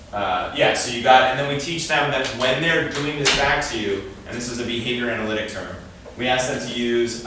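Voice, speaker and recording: A man giving an informal talk to parents at a training session, conversational and often acting out quoted dialogue. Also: medium pitch. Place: meeting room. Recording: echoey room, speaker far from mic, faint noise.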